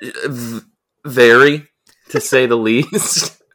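A man's voice: mid-range voice, drawn-out words. A young man casually telling a rowdy, profanity-laced story on a podcast. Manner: profane, animated anecdote telling. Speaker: podcast co-host.

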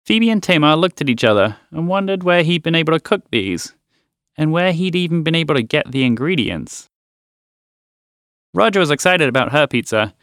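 A man narrating a children's story podcast as its host, with expressive storytelling. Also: fairly high pitch, no room sound, clean studio sound.

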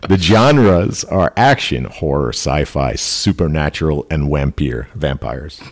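A podcast host who keeps things loose and jokey, rattling through his notes in quick bursts. His voice sits deep and low. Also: lively intonation. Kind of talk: casual podcast chat.

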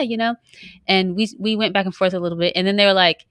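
A young woman co-hosting a podcast, telling stories in a lively, joking way with a lot of laughter. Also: mid-range voice, fast talker, no room sound, clean studio sound. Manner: animated, laughing, joking storyteller. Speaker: podcast co-host. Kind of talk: casual banter.

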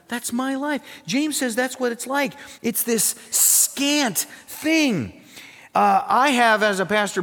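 High-voiced pastor preaching in a hall. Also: male voice. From South Dakota. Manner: emphatic, swings from loud to hushed. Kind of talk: sermon.

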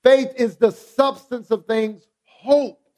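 A man's voice: very high voice, fairly even intonation, slow, mellow. A man preaching a sermon, emphatic and rhythmic, repeating his phrases and prompting the congregation to answer back. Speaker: pastor. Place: church sanctuary.

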